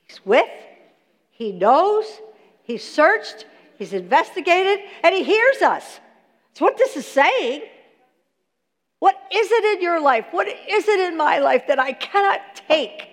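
A woman teaching a sermon on prayer, animated and asking her listeners questions. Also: very high voice. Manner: animated, talks to the audience with questions. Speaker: Bible teacher. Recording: long hall reverb.

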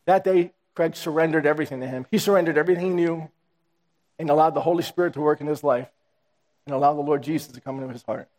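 High-voiced man preaching in an echoey hall. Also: quick pace. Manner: animated storytelling, acting out dialogue in a raised voice. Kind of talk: sermon with personal testimony. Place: church sanctuary. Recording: reverberant hall.

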